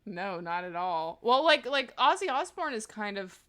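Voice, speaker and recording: Bright, giggly woman streamer. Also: mid-range voice, very animated, moderate pace. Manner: chatty, giggly, rambling asides. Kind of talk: casual game-stream chat.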